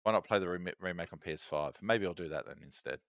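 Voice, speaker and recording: Low-voiced Australian man streaming, rambling. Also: lively intonation, fast, no room sound, lo-fi sound. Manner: rambling, chatty, many fillers and restarts. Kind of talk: casual stream chat.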